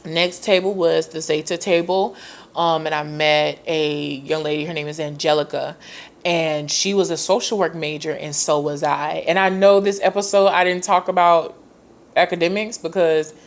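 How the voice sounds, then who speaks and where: A woman in her twenties hosting a podcast, telling a personal story in a casual, slangy way and acting out quoted dialogue with big jumps in pitch. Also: fairly even intonation, moderate pace. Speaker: podcast host.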